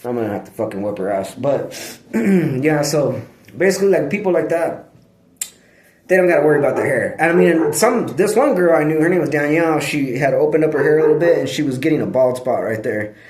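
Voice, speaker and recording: A man talks straight to camera in a loose, digressive monologue, full of slang and swearing. His voice sits a little high for a man. The sound bounces around a bare, echoey room. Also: lively intonation, brisk, darkish tone. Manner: profane, slangy, digressive, breaks off to scold his dog. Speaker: vlogger. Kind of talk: rambling casual monologue.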